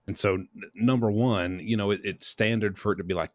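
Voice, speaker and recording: A man's voice: low-pitched, brisk, no echo. A middle-aged man hosting a casual commentary video in a chatty way. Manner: chatty, shifts into quoted voices. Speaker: host.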